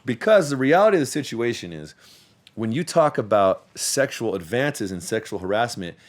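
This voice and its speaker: A man's voice: medium pitch, big pitch swings, normal speed. A man hosting a podcast, talking in a rambling, profane casual chat and repeating words as he restarts his sentences. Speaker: podcast host; youth sports coach.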